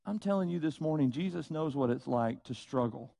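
A man preaching a sermon, slow and emphatic, with dramatic pauses and rhetorical questions. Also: on the high side, lively intonation, vocal fry, warm tone, no room sound. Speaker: pastor.

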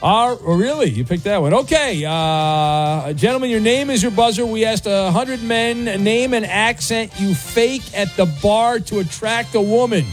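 A man's voice: high-pitched, normal speed, hardly any pauses, soft background music. A man hosting a morning radio game show, joking and self-mocking, with lots of filler words.

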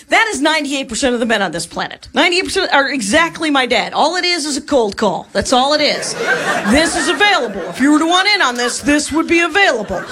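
A woman performing a stand-up comedy routine, telling stories and acting out the lines of the people in them. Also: high-pitched. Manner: animated storytelling, acts out quoted lines. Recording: live club with crowd laughter. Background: audience laughing.

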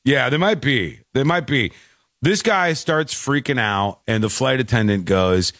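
A man chatting casually as a show host, his pitch jumping all over as he tells a story. The recording is dry and close, with no room sound. He laughs often as he talks. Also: lively intonation, unhurried, a bit bright, dry recording. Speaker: podcast host. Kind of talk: casual chat.

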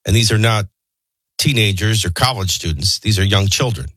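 A man's voice: on the low side, moderate pace, a bit bright, husky, dry recording. A man hosting a morning radio show, reading the news with opinionated, sardonic asides. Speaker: radio talk show host.

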